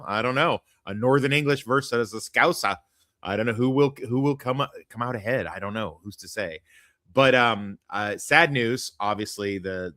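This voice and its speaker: A man's voice: mid-range voice, bright, forceful tone, dry recording, studio quality. A man hosting a podcast in casual, crude chat, rambling and joking at his own expense. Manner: rambling, self-deprecating, crude jokes. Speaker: podcast host.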